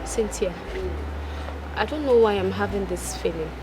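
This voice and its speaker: An actress playing a caring, outspoken friend, pleading and insisting in a slow, emphatic way. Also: female voice, medium pitch, animated, close to an everyday voice. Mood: concerned. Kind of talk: film acting. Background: film music.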